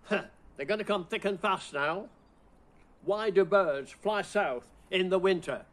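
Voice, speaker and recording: A man's voice: sits high, a little slow, fairly bright tone. Playful man pondering cracker riddles. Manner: playful, answers his own riddles with mock puzzling and chuckles. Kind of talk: playful Christmas riddle routine.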